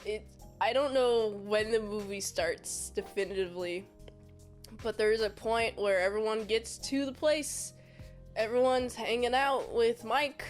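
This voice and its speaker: A woman's voice: on the high side, fairly even intonation, measured pace, faint music behind. A woman reviewing a movie in a casual, rambling, jokey recap with self-deprecating asides.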